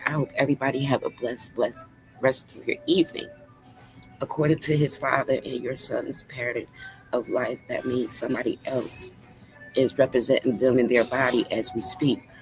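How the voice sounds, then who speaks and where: A woman's voice: rumbling low, poor audio. A woman in her fifties hosting a casual livestream. She speaks earnestly and emotionally to her viewers, and her voice trembles with feeling. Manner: earnest, emotional, talks straight to the chat. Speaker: livestream host. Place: fast-food restaurant.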